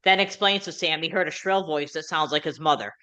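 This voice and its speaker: A woman hosting a rewatch show, hard of hearing, recapping plot in quick run-on sentences. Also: low-pitched, pushed and bright. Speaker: podcast host. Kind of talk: episode recap and casual chat.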